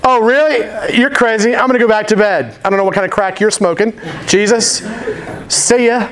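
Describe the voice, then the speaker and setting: Guy acting out a cocky young fisherman, super excited, shouty high voice. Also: normal speed, low-quality recording. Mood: scoffing. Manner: shouting, jokey, exclamatory. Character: excited brash male fisherman, young adult.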